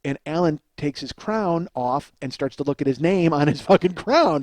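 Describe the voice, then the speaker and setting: A man's voice: a little high, expressive, moderate pace, few pauses, a little mellow, dry recording. A man hosting a podcast, telling a comic story in a profane, exasperated ranting way. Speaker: podcast host. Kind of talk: comedic storytelling monologue.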